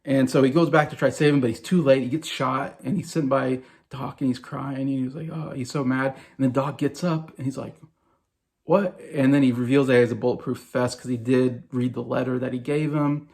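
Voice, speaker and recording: A middle-aged man recalls favorite films in an unscripted, rambling way, full of fillers and restarts. His voice sits at an ordinary pitch with a gravelly, creaky edge. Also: fairly even intonation, brisk, a little mellow. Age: 40s. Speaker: movie vlogger. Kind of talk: casual movie review.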